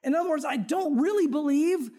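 A man's voice: very high-pitched, fairly quick, mellow. A male pastor preaching a conversational sermon, talking straight to the congregation and acting out prayers in dramatic voices.

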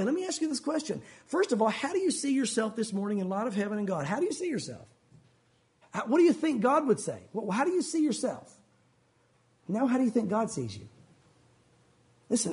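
A man's voice: high voice, darkish tone. A pastor, preaching a sermon in an earnest, conversational way and talking straight to his congregation.

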